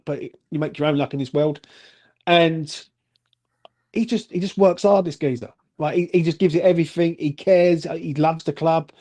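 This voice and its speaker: A man's voice: on the high side, dark tone. A man, co-hosting a casual football fan chat and rating players bluntly, with some swearing. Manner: blunt, swears, asks "yeah?".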